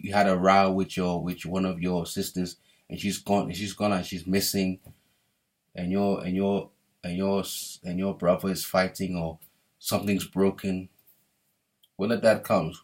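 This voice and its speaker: Husky low-voiced man lecturing emphatically. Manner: emphatic, repetitive, asks "yeah?". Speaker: motivational speaker. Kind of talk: preachy monologue to camera.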